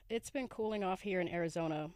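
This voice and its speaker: A woman's voice: medium pitch, a little mellow, clear, resonant tone, dry recording. A woman in her forties hosting a casual solo podcast from her camper van, groggy with a morning voice, laid-back and giggly, dropping slang and swearing. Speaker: podcast host.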